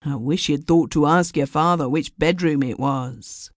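A woman's voice: low voice, measured pace, dry recording, studio quality. A woman voicing a nervous, touchy man who sounds uneasy and prim. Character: nervous, touchy male inn guest.

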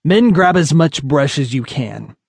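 A man voicing a rough, coarse-spoken male thug leader in an audiobook, giving orders to his gang. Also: on the high side, animated, unhurried, a little mellow, no echo, heavily acted. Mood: commanding.

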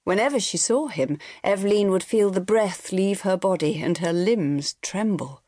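A woman narrating an abridged audiobook novel in a measured storytelling manner. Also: medium pitch, lively intonation, warm tone, dry recording, clean studio sound.

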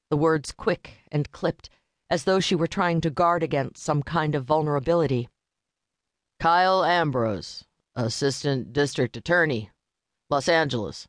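A woman narrating a novel with a measured, steady reading. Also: low voice, no room sound. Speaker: audiobook narrator. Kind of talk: scripted narration. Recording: dry close studio audiobook.

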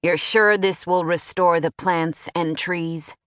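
A woman's voice: fairly low pitch, fairly even intonation, takes it slowly, a bit bright, no echo, clean studio sound. A woman narrator voicing a tall, impatient, sneering man who is an emperor's brother.

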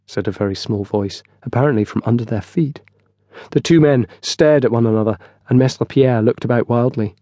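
A man narrating a historical novel in a steady, scripted storytelling style, close on a studio mic. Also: mid-range voice, a little fast, dry recording. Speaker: audiobook narrator.

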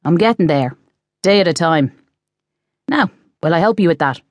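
A woman's voice: fairly low pitch, animated, moderate pace, no echo, close to an everyday voice. A woman voicing a teasing chef. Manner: wry, joking banter. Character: Irish chef, grown man, easygoing and teasing.

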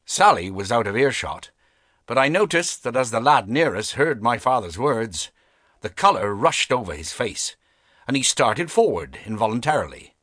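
Man, audiobook narration, measured, animated pitch, dry studio recording. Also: no room sound. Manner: measured, expressive storytelling. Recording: dry close studio sound.

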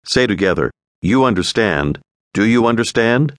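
A man narrating a scripted audio language lesson, giving prompts in a clear, measured way. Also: on the low side, expressive, dry recording, studio quality. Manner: clear, measured instructional delivery.

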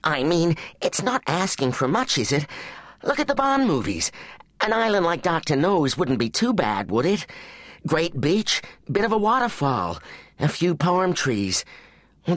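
A man's voice: on the high side, fairly bright tone, no echo, voice pushed up. A man voicing a grumbling, wisecracking teenage boy spy in an audiobook. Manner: complaining and jokey.

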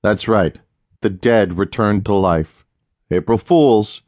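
Audiobook casting: male narrator as a smug, unflappable husband, lowish voice, dry close read. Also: takes it slowly, darkish tone, dry recording. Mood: wry. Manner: dry, amused, matter-of-fact. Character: laid-back, teasing husband, unbothered and smug.

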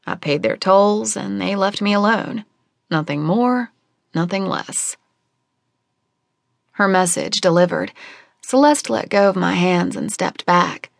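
Woman audiobook narrator, first-person narration, steady measured delivery, slow pace, dry close studio sound. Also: lowish voice, creaky, no echo. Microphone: close studio microphone.

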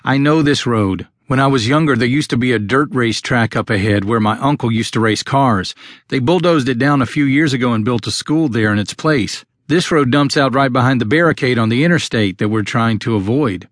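A man's voice: mid-range voice, brisk, no echo, clean studio sound, natural voice. A male narrator voicing a young wife and mother who knows the back roads well, speaking in a raised, urgent way. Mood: confident. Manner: panicked at first, then firm and sure.

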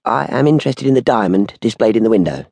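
A man voicing a calm, courteous beggar who speaks in a measured, quietly reverent way. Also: on the low side, creaky, no room sound, pitched above the performer's own voice.

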